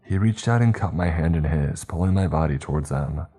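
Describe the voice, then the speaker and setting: A man reading a horror story aloud in steady, measured, scripted narration. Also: extremely low pitch, breathy edge, faint music behind.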